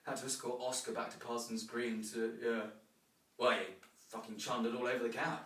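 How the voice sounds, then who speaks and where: A man's voice: medium pitch, level tone, brisk, a bit bright, lightly acted. A man playing a posh young man who chats chummily on his phone, in a stage comedy. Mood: chatty. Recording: roomy sound from a distant mic.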